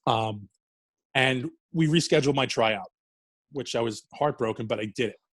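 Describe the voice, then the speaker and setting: The guest, a middle-aged wrestler from New York, tells laughing, profanity-laced stories in a casual interview, rambling as he goes. His voice is medium-pitched and fairly bright, at a moderate pace, with no echo.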